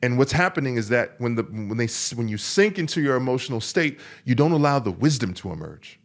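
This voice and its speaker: A man's voice: medium pitch, big pitch swings, brisk. A man hosting a podcast, coaching other men in an emphatic, repetitive monologue. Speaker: men's coach and podcast host.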